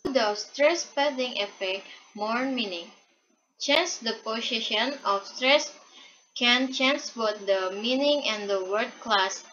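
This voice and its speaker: A young woman student reading a class presentation aloud from a prepared script, haltingly and with restarts, on a dull lo-fi recording. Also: a little high, sharp tone, slight background noise.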